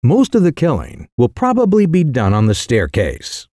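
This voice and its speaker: A man voicing a sly young mischief-maker who delivers outrageous news in a calm, careless, mock-serious way. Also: a little high, moderate pace, dry recording, studio quality. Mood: cool, mock-grave.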